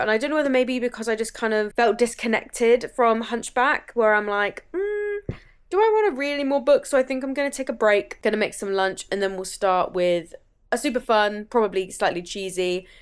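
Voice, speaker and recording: A woman's voice: fairly high pitch, smooth. A woman vlogging about books in a chatty, enthusiastic way, swearing freely. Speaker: book vlogger. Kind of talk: casual vlog chat.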